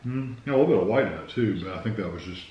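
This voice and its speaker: A man's voice: on the low side, lively intonation, rapid-fire, dull audio. A man co-hosting a casual taste-test video, thinking aloud in an easygoing way as he tastes. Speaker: co-host. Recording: roomy with faint noise.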